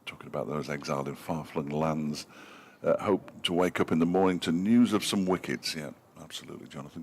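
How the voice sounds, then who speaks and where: Super deep voiced guy calling cricket, chatty, reads listener messages, bit of hiss behind. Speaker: cricket radio commentator. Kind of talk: live sports commentary with banter.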